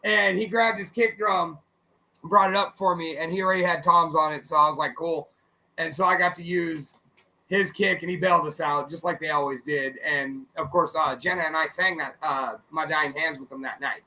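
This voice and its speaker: A man with a high, bright, ringing voice tells stories on a radio talk show. He is loose and profane, and he slips into the voices of the people he quotes. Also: fairly even intonation, moderate pace, rough recording. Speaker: co-host and musician. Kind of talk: casual radio chat, storytelling.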